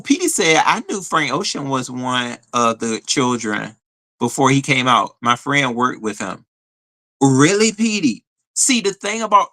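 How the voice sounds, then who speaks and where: A man hosting a live stream, telling a story in a chatty, animated way and answering viewer comments. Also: medium pitch. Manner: animated storytelling, addresses viewers as y'all, frequent fillers. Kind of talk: casual live stream chat reading comments.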